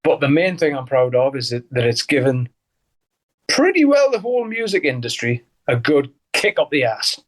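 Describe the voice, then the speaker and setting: A man's voice: mid-range voice, sing-song, moderate pace. An older man from Newcastle with a Geordie accent, a guest musician telling stories in a casual interview. He swears freely, laughs often and acts out the voices of people in his stories. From Newcastle, England.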